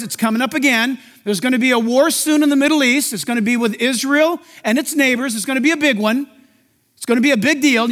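A man's voice: extremely high pitch, a bit bright, big-room sound. A male pastor preaching an emphatic sermon to his congregation in a church.

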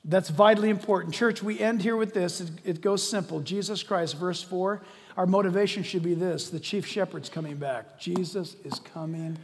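A man preaching a sermon as pastor, swinging from shouting to hushed, quiet lines. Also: sits high, moderate pace. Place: church sanctuary. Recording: long reverb of a large hall.

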